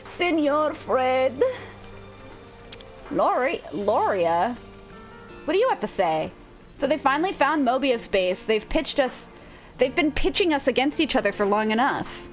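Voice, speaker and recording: A woman's voice: high voice, very animated, moderate pace, faint music behind. A woman streaming a video game, chatting casually with viewers and laughing often. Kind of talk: casual livestream chat.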